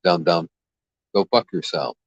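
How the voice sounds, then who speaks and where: A man's voice: deep voice, measured pace, no echo. A man hosting a livestream, trash-talking a caller in a brash, profane, mocking way. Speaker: livestream host. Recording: dull lo-fi dry mic sound.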